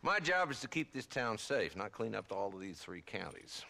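An actor voicing a gruff, world-weary sheriff in a western video game, speaking in a dry drawl. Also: male voice, lowish voice, very animated, normal speed, pushed and bright, exaggerated voice. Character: weary, gruff old-west male lawman. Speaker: frontier sheriff.

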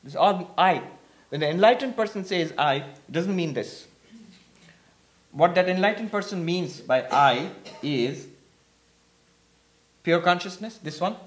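Male monk lecturer, high-pitched voice, emphatic teaching style with rhetorical questions. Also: animated, measured pace, long pauses, husky. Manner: emphatic, repeats points, asks rhetorical questions. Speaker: monk teaching at a meditation retreat. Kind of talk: spiritual lecture. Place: retreat hall before an audience.

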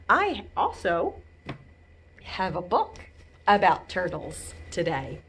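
Lively sing-song woman reading to babies. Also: slow, long pauses. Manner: sing-song, playful, high animal sounds and soft asides. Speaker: children's librarian. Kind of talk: storytime reading and rhymes for babies. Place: library or home room on a video call. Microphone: video call.

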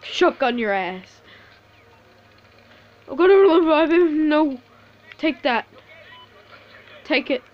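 High-voiced woman swearing through gameplay. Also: slow, pauses often, muffled recording. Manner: swears a lot, laughs often, excitable reactions. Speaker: gameplay commentator. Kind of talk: casual live commentary over gameplay.

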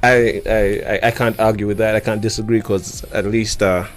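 A man hosting a hip-hop radio show, chatty, quick to laugh and stumbling over his words. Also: lowish voice, fairly even intonation, soft background music. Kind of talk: radio interview. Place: radio studio.

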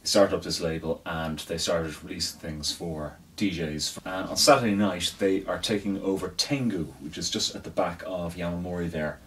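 Low-voiced man, chatty, a bit off-mic. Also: moderate pace, hardly any pauses, fairly bright tone, distant mic. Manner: chatty, swears freely, trails off with fillers. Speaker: co-host recommending weekend events. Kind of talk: casual chat.

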